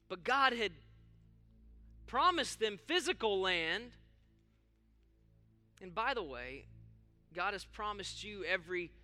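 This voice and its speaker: A man's voice: high voice, pushed and bright. A man preaching a sermon in a conversational tone that builds to emphatic points. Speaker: pastor.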